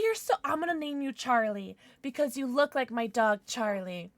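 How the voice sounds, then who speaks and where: A woman livestreaming her gameplay, talking straight to her chat in a bright, slightly high voice. Her pitch leaps all over the place as she gushes and squeals, then drops back to easy rambling. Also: normal speed, hardly any pauses, no room sound, clean studio sound. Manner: excitable, squealing and gushing, chatty with chat. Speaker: streamer. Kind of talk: live gameplay streaming, chatting with viewers.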